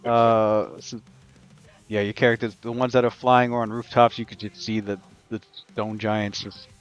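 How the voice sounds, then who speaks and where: Game master with a low voice, audio muffled. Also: male voice, little pitch movement, moderate pace, clean tone. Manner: thinks aloud, many fillers. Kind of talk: narrating a tabletop game.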